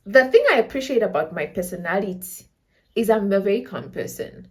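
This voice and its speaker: A young woman from Namibia tells a storytime vlog. Her voice sits a little high and swings widely as she plays out everyone's lines, dropping local slang along the way. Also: fast talker. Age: 20s. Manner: animated, acting out the other people in her story. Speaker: storyteller vlogger. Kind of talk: casual storytime chat.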